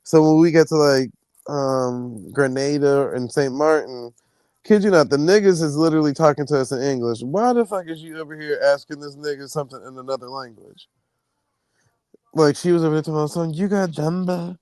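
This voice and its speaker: A man hosting a stream, telling travel stories in a casual, animated and profane way. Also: fairly high pitch, a little fast, clear, resonant tone, no room sound, poor audio. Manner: animated, profane, acts out quoted people. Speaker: stream host. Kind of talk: casual storytelling chat.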